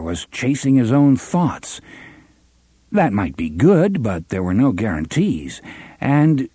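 Warm husky man narrating an audiobook. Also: on the low side, no room sound, clean studio sound. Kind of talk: scripted narration.

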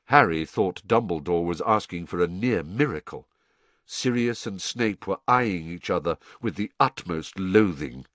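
Male audiobook narrator, scripted narration, expressive, lively pitch, dry close recording. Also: unhurried, dry recording.

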